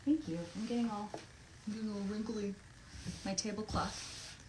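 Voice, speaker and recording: A woman's voice: mid-range voice, fairly even intonation, normal speed, background noise. Chatty woman from Tennessee. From Tennessee, USA. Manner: chatty, playful, talks while working. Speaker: voice actress signing autographs live. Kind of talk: casual livestream chat. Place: home, near her recording booth. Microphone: desk microphone.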